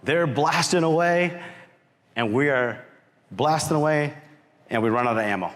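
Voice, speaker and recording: A man giving a motivational talk as a keynote speaker, telling a story with animated energy and acting out quoted lines. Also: on the high side, normal speed. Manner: animated storyteller who acts out quotes and shouts. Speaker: keynote speaker, company founder. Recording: long reverb of a large hall.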